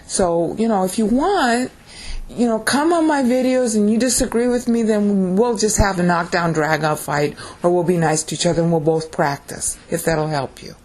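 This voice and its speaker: A woman's voice: medium pitch, moderate pace, darkish tone. A woman giving a casual video Bible lesson, talking conversationally and often checking in with "okay?". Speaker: Bible teacher.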